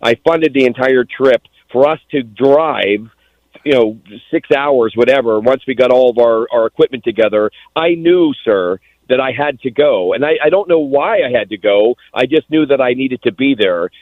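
A man's voice: medium pitch, dry recording. Tearful man on phone line. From Pittsburgh, USA. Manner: halting, repeats words, tearful. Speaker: caller, former EMT volunteer. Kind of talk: emotional phone-in recollection. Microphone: telephone.

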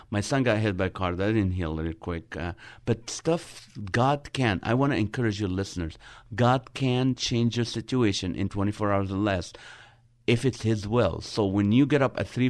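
Man, very deep voice, dry studio, comic storytelling with acted-out dialogue. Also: dry recording. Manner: animated storyteller, acting out dialogue. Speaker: Christian comedian guest. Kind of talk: storytelling with humor in a radio interview.

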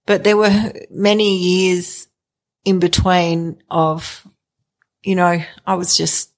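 A woman's voice: lowish voice, level tone, slow. A middle-aged woman telling her own story in an interview, hesitant, with many fillers and restarts. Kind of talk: candid personal storytelling.

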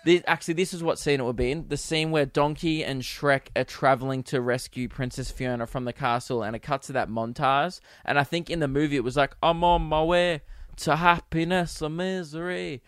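A man's voice: mid-range voice, steady tone, brisk, hardly any pauses, a bit bright, no echo, clean studio sound. Rambling, giggly man. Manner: rambling and giggly, full of fillers. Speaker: podcast host and comedian. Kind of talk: casual solo podcast chat.

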